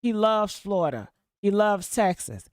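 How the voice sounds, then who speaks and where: A woman's voice: mid-range voice, big pitch swings, measured pace, darkish tone, no room sound, studio quality. A woman giving blunt, profane, sassy commentary on a livestream, calling her listeners honey. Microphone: desktop mic.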